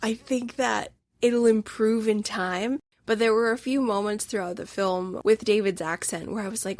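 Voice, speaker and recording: A woman's voice: mid-range voice, fairly even intonation, moderate pace, hardly any pauses, darkish tone, no echo. A woman hosting a solo podcast, talking through a film review in an emotional, gushing and candid way. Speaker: instructor.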